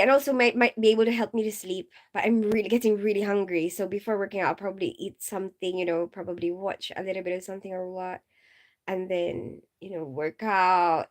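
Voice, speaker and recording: A woman chatting casually on a livestream, giggling often and greeting viewers as she goes. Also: mid-range voice. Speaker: nurse livestreamer.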